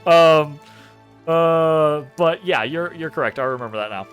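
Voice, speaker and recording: Casual, slightly high-voiced male gamer. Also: unhurried, a bit bright, clean tone, soft background music. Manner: casual, swears, laughs at the script. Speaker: let's play host. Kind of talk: gameplay commentary, reading dialogue aloud.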